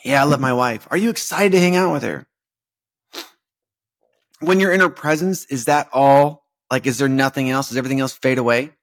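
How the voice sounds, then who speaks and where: A man's voice: medium pitch, a little fast. Casual man musing on faith. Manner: conversational, many fillers and restarts. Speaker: podcast host.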